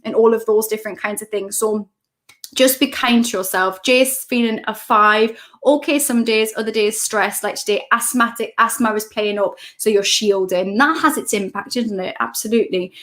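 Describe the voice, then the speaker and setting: A woman's voice: a little high, normal speed, fairly bright tone. Chatty woman hosting a live stream. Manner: chatty, greets viewers by name and reads out comments. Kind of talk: casual live-stream chat. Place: at home.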